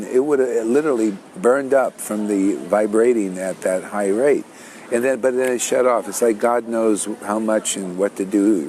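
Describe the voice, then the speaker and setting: A man's voice: medium pitch, a little mellow, slight background noise. An older man, telling his spiritual story in a rambling, casual way with many restarts. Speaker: spiritual teacher.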